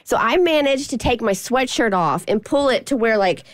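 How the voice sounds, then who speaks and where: A woman's voice: a little high, moderate pace, dry recording, studio quality. A woman co-hosting a radio show, telling a funny story in a casual way and acting out the voices of the people in it. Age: adult mother of a toddler. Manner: animated, acts out voices in her stories. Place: radio studio.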